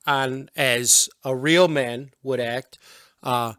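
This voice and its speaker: A man in his forties co-hosting a casual podcast chat, conversational and quick to chime in with agreement. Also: medium pitch, steady tone, pushed and bright, clean tone, dry recording. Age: 40s. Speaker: podcast co-host.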